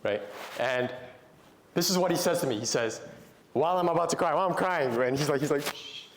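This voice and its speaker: Speaking to an audience of young men, a young adult Christian motivational speaker tells stories casually and asks them questions. His slightly high voice moves at a quick pace, with a little hiss or hum on the recording. The space sounds echoey.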